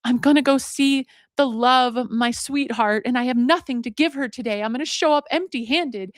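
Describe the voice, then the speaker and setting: A woman voicing an earnest, excited young man in love in a folk tale. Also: mid-range voice, fast talker, breathy edge, no room sound, studio quality.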